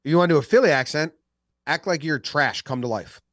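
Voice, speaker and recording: A man co-hosting a sports podcast, bantering in a joking, lively way and poking fun at accents. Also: a little high, fast, no echo, studio quality. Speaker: podcast co-host.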